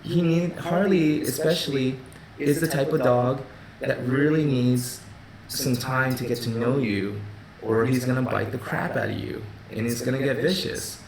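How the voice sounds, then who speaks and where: A man's voice: medium pitch, steady tone, measured pace, reverberant, a crowd in the background, poor audio. A man hosting a live Q&A stream from his office, speaking casually with many restarts and repeated "you know" and "right?". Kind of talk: casual livestream talk.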